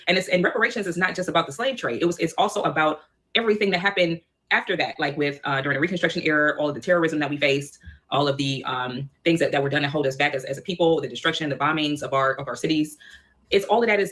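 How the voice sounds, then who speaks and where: Quick, rambling male commentator, indignant tone. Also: fairly high pitch, bright, forceful tone. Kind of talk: casual commentary.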